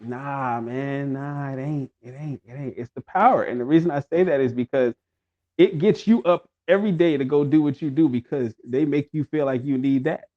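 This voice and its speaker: A man's voice: mid-range voice, normal speed. Slangy man on a dull remote line. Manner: slangy and argumentative, repeats himself. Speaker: co-host. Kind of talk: casual political chat.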